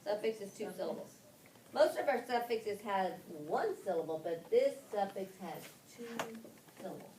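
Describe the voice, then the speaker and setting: A woman's voice: medium pitch, lively intonation, a little mellow. Woman running a teacher workshop, lots of ums, recorded from across a noisy room. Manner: spells letters out slowly, with frequent ums and restarts. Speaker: teacher trainer leading a phonics workshop. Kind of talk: classroom-style instruction to fellow teachers. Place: classroom. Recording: roomy, distant and noisy classroom recording.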